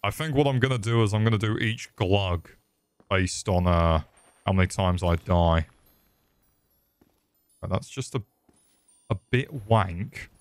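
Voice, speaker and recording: Man, young adult, lowish pitch, profane joking game commentary. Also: unhurried, pauses often, dry recording. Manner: profane, rambling, jokey. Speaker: gaming streamer. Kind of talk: casual livestream commentary.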